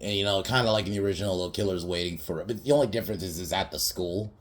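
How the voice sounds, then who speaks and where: A man's voice: low-pitched, rapid-fire, a little hiss or hum. A young man hosting a podcast, casually recapping a film in a rambling, profane way, laughing often and slipping into quoted voices. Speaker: podcast host reviewing a film.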